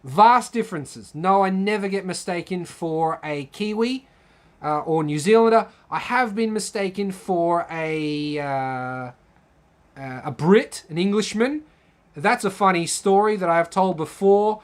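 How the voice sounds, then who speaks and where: Australian male streamer, slow, rambling live Q&A delivery, casual swearing. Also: sits high.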